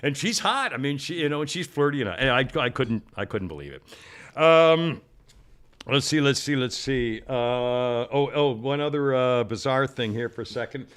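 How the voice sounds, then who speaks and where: A man's voice: medium pitch, expressive, normal speed, a bit bright, smooth. A middle-aged man hosting a podcast, telling stories in a rambling, self-interrupting way and laughing often. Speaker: podcast host. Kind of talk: casual rambling chat.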